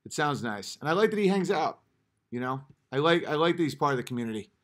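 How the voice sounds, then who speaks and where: Swinging between muttering and yelling, a live-streaming man rants at his chat in a profane, combative way and keeps repeating short phrases. His voice is a little high, expressive, and fast.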